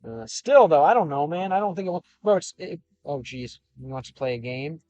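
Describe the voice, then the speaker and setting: A man's voice: a little high, expressive, fairly quick, darkish tone, soft background music. A young man from Chicago streaming from his car, chatting casually with viewers and reading their comments in a loose, rambling way with lots of fillers. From Chicago, United States. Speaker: gaming and language streamer.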